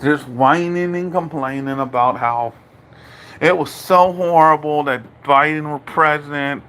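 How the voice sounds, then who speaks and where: A man rants slowly and deliberately in a commentary vlog, circling back to the same points again and again. His voice sits fairly high and has a bright, forceful edge. He sounds indignant and addresses his father directly. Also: clean tone. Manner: repetitive, indignant, talks straight to his father. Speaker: video creator. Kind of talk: ranting political commentary vlog.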